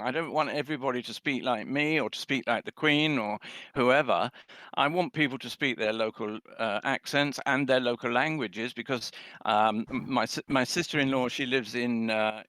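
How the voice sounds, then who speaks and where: A man's voice: mid-range voice, bright, forceful tone, no room sound. An older man with a Southern English accent, chatting on a video call and stopping and restarting his sentences often. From south of England. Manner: hesitant, many restarts and fillers. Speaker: presenter. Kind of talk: casual chat.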